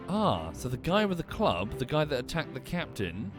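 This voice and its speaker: A man's voice: a little high, wildly swooping pitch, normal speed, music in the background. A man streaming a game, thinking aloud as he plays, apologizing and correcting himself along the way. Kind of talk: casual gameplay commentary.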